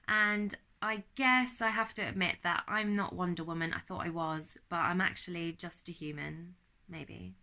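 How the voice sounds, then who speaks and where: A woman's voice: on the low side, moderate pace, sharp tone. A young woman with a British accent talks earnestly at home in a candid personal vlog, chatty and full of fillers. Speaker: vlogger.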